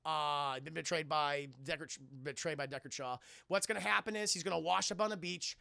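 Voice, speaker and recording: A man streaming a casual film recap, animated and profane, often addressing his chat. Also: fairly high pitch, a little fast, creaky, clear, resonant tone, no echo, clean studio sound.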